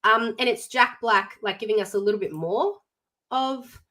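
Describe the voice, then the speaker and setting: A woman co-hosting an entertainment live stream, chatting in a casual, expressive way with emphatic reactions. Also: a little high, moderate pace. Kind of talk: casual chat.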